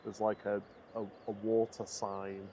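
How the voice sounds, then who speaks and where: A man's voice: fairly low pitch, level tone, unhurried, dark tone, a little hiss or hum. Chatty man commentating a live stream. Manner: chatty, laughs often, reads out viewer comments.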